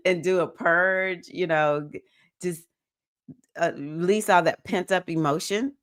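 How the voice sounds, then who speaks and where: A woman's voice: fairly low pitch, measured pace, fairly bright tone, no echo, clean studio sound. A woman hosting a casual livestream, chatty and emotional as she greets viewers by name and talks through the week's astrology. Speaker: livestream host, astrology reader.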